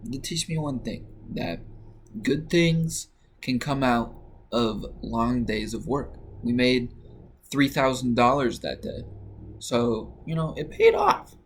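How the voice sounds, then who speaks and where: A man's voice: mid-range voice, slow, a little hiss or hum. A young man casually telling a personal work story, rambling with lots of "like" and "you know" fillers. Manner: relaxed, rambling with many fillers.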